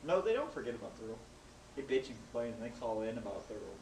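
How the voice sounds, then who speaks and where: A man's voice: medium pitch, lively intonation, rapid-fire, a little mellow, distant mic. A young man in a casual chat, ranting emphatically about customers and rules. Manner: emphatic, complaining. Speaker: co-host, movie theater worker. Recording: echoey room, voice a bit off-mic, faint noise.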